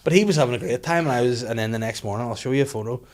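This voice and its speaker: A young man hosting a podcast, telling rapid, animated stories full of laughter and sweary acted-out inner voices. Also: medium pitch. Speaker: podcast host. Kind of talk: casual chat, storytelling.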